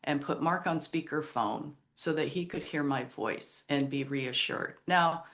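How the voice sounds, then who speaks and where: A woman's voice: low-pitched, unhurried, fairly bright tone. A middle-aged woman, a podcast guest and author, telling heartfelt personal stories in an earnest, emotional way. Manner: earnest, emotional, retells quotes in other voices. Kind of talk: heartfelt storytelling interview.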